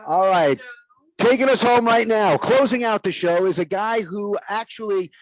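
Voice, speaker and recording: A man's voice: high voice, normal speed, dry recording, rough recording. A man hosting a comedy show, introducing the next comic in a friendly, chatty way.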